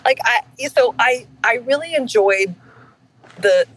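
A woman voice actor chatting in an interview, animated and self-deprecating, laughing often as she tells stories. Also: fairly high pitch, slow pace, low-quality recording. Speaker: voice actor guest. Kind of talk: casual interview chat.

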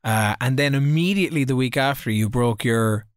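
A man's voice: medium pitch, moderate pace, no echo, studio quality. A man co-hosting a podcast, teasing his co-host and reporting on his own game. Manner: teasing, lively. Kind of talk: casual gaming chat.

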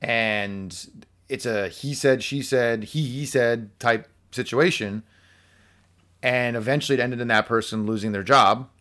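A man telling a workplace story in casual conversation, animated and full of fillers like "like" and "so". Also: mid-range voice, a little slow. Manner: animated storyteller acting out quotes, many fillers. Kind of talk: casual podcast chat.

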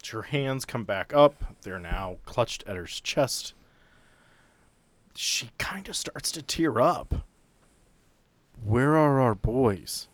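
A man narrating a tabletop role-playing scene as game master, in a measured, descriptive way. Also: medium pitch, very animated, a bit bright, no echo.

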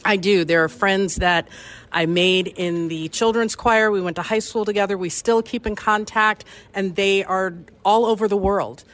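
A woman who once sang in a children's choir answering interview questions, warm and chatty. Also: mid-range voice, fairly even intonation, normal speed. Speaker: former choir member.

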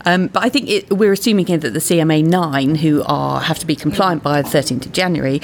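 A woman with a very low voice joins a panel discussion and speaks quickly. She raises questions and pushes back on points in a measured way. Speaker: panel guest.

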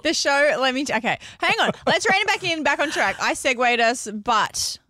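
A woman's voice: high voice, lively intonation, normal speed, sharp tone, no room sound, clean studio sound. A woman co-hosting a radio show, chatty and bubbly. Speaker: radio co-host. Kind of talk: commercial radio banter.

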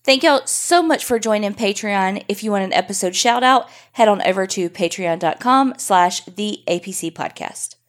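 A woman with a Southern US accent, co-hosting a podcast in casual chat with quick interjections and frequent agreement. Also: mid-range voice, animated. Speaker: podcast co-host.

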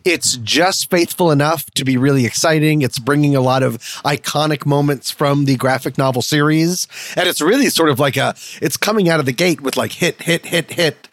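A man co-hosts a podcast, talking keenly and cracking jokes. His voice sits a little on the high side. The sound is close and dry, with no room echo. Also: normal speed. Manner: enthusiastic, joking. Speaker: podcast co-host. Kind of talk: casual podcast chat.

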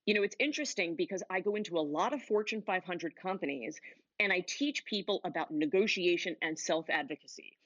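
A woman speaker coaching an audience on negotiation from a stage, in a motivational talk with punchy phrasing and deliberate pauses. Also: lowish voice, a bit bright, dry recording, dull audio.

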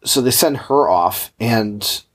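A young podcast co-host with a husky, lowish voice speaks slowly in a casual chat. He retells scenes with energy, animating the story and acting out the characters' lines.

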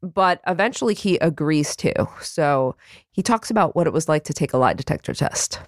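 A woman with a low voice hosts a podcast discussion in an earnest, opinionated way, stumbling and restarting as she builds her points. The sound is dry and close to the mic. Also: lively intonation, normal speed, no echo. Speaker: podcast host.

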